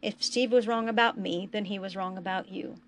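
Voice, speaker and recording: A woman reading a story aloud, voicing a steady young man who comforts a friend in a gentle, earnest way. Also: medium pitch, normal speed, slight background noise, natural voice. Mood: easygoing. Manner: gentle, reassuring, warmly earnest.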